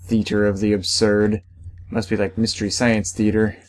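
A man's voice: fairly low pitch, flat delivery, moderate pace. A young man hosting a let's play, chatting casually as he plays and reading the game's text aloud with playful outbursts. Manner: reads game text aloud, playful exclamations. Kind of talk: casual gameplay commentary.

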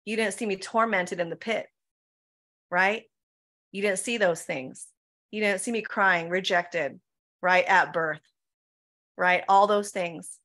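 A woman's voice: medium pitch, slow pace, pauses often, fairly bright tone. A woman pastor of Filipino heritage, preaching in a church Q&A with emphatic rhetorical questions, often saying "right?" and "come on.". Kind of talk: preaching in a Q&A session.

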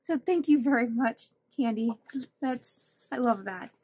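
A woman's voice: on the high side, measured pace, a little mellow, slightly rough, dry recording. A woman hosting a budgeting channel, chatting casually and gushing as she opens her mail, laughing often. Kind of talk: casual chat opening mail.

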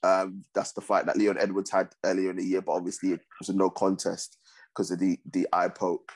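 A man hosting a casual sports podcast, talking in a steady, measured way. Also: low-pitched. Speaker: podcast host.

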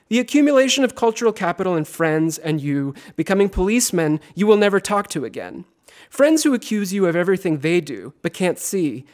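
A man giving a poetry reading at a university event, performing theatrically and swinging from loud to hushed, sometimes chanting repeated words. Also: sits high, big pitch swings, a little fast. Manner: chanting repetitions. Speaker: poet.

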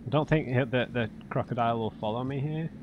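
A man commentating a blind gameplay run, chatty and self-mocking, often bursting into loud exclamations. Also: medium pitch, fast, muffled recording. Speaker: let's play host. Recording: noticeable background noise.

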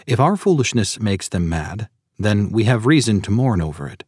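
A man's voice: lowish voice, very animated, normal speed, darkish tone, breathy edge, no room sound, clean studio sound. A man narrating a sermon audiobook in an earnest, preaching tone and citing scripture verses.

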